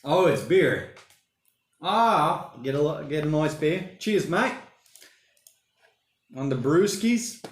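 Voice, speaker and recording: A man in his thirties hosting a casual solo livestream from home, reading viewer comments aloud and rambling as he thinks out loud. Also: fairly high pitch, very animated, slow pace, pauses often. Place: home during lockdown. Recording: roomy home room echo.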